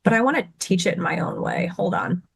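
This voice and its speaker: A woman guest teaching chart patterns over a video call. She speaks at a middling pitch and hurries through long explanations, correcting herself as she goes. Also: lively intonation, vocal fry, slightly rough. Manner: rushed, tumbling explanations with self-corrections. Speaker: guest trading educator.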